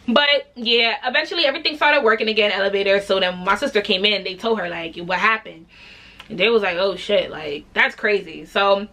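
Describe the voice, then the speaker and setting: Young woman vlogger telling a story, bright sharp voice, kinda high, curses a lot and does voices. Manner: animated, acts out other people's voices; candid, swears freely. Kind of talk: casual storytime vlog.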